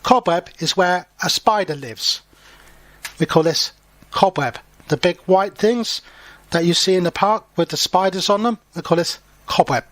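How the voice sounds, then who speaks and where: Male teacher reading a picture book to learners; patient, slow, with dry close sound. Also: high voice, fairly bright tone, dry recording. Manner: slow and clear, pausing to explain words. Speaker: English teacher. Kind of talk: storybook read-aloud for learners.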